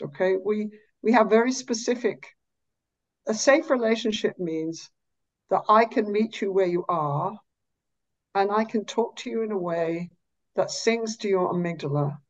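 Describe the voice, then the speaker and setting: A woman psychologist explaining her therapy in an interview, animated, sometimes dropping to a slow, soft, low voice to show how she talks to clients. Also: lo-fi sound. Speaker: psychologist and therapist, podcast guest.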